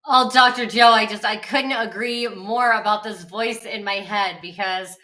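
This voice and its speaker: A woman's voice: mid-range voice, steady tone, unhurried, pushed and bright, far from the mic, rough recording. A woman co-hosting a casual motivational chat in an upbeat, encouraging way. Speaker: co-host.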